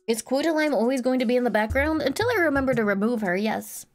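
A woman's voice: fairly high pitch, animated, fairly quick, few pauses, faint music behind. A woman streamer in casual chat, rambling and giggling as she retells a movie scene.

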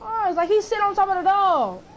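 High-pitched exasperated young woman scolding. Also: very animated, fast talker, background noise. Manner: exasperated, scolding, heavy slang. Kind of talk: casual scolding chat.

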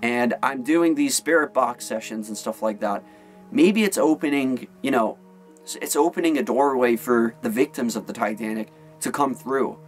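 A man's voice: mid-range voice, moderate pace, soft background music. A man talking casually to camera in an attic, rambling earnestly with many fillers. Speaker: paranormal vlogger. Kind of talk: casual vlog talk to camera.

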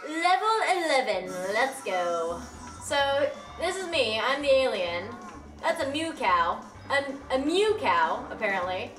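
A woman hosting a game review show, giving excited gameplay commentary and yelling at the game. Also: high-pitched, reverberant, far from the mic.

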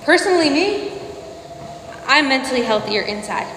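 A high-voiced young woman chats on a home live stream, playful and sing-songy. She sounds a little distant from the phone, and the room is echoey with a long tail. Faint noise hums under her voice. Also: lively intonation, moderate pace, fairly bright tone. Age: 20s. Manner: playful, sing-songy, breaks into humming and mock Spanish. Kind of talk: casual live-stream chat while walking on a treadmill. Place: indoor home room with treadmill.

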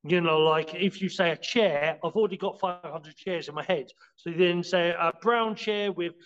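A high-pitched man talks casually as a podcast guest, teaching martial arts ideas in halting bursts. He trips over his words, restarts often, and leans on fillers as he explains. The audio is dull and lo-fi. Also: a bit bright. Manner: halting, many restarts and "you know"s; explains by acting out scenes.

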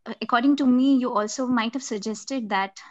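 A woman making a polite, formal comment on a video call, measured and courteous. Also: fairly high pitch, no room sound. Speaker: audience member commenting. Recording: dry, dull video-call audio.

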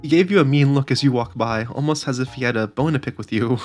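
A man's voice: mid-range voice, fast talker, darkish tone, faint music behind. A man giving casual, laugh-filled commentary while reading chatbot replies aloud. He swears a lot and drags out lines to mock them. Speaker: YouTuber.

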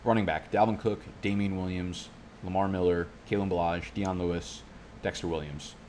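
Male streamer, low voice, loose and profane, tangent-prone chat. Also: steady tone, normal speed, darkish tone, a little hiss or hum. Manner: profane, rambling, goes off on tangents. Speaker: fantasy football youtuber. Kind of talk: casual live-stream commentary. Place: home studio.

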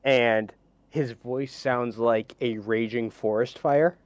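An excited man describes his character's actions in a tabletop game. He talks fast in bursts and keeps restarting his sentences, and his mic sounds dry and close. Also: mid-range voice, no room sound. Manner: excited, stumbling over restarts. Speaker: player. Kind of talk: casual tabletop play.

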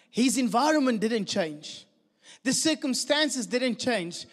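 Male pastor, high voice, storytelling sermon in a long-reverb hall. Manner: storytelling, lively and animated with laughter.

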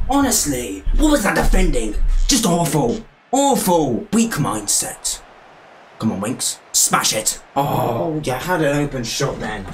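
A young British man giving excitable, cheeky live commentary on a football video game, with game music behind him. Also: mid-range voice, measured pace, background noise. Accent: British English. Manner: excitable, shouting and cheeky trash talk. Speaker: gaming YouTuber.

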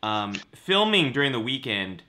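A man's voice: medium pitch, sing-song, normal speed, pushed and bright. A man co-hosting a casual video chat as a psychologist, talking conversationally with lots of fillers. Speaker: psychologist co-host.

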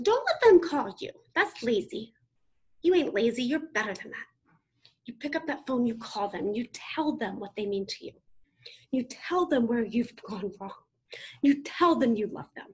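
A woman's voice: on the high side, husky. A woman in her thirties giving a motivational keynote speech, emphatic and punchy, speaking straight to her audience. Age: 30s.

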